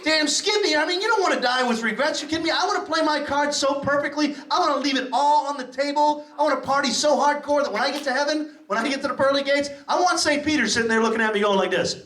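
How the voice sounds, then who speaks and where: Fast-talking comic, high bright voice, swearing a lot, echoey club sound from back of the room. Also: male voice. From Boston, USA. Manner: rapid, brash and profane, working the crowd. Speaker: stand-up comedian. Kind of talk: stand-up comedy set. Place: comedy club. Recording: roomy club sound from a distance.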